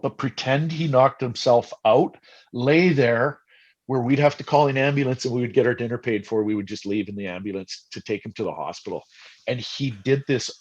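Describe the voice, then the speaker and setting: A middle-aged man, a former pro hockey player, casually telling animated, profane stories and often restarting his sentences. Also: medium pitch, highs cut off. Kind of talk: casual storytelling.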